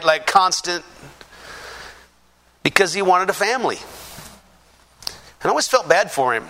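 Man, middle-aged, church testimony, slightly high voice, self-mocking storyteller. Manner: lively, self-mocking storyteller who acts out quotes.

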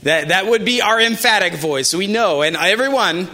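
Lively high-voiced male preacher. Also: normal speed. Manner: animated, emphatic preaching with asides. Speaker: pastor. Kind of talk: sermon.

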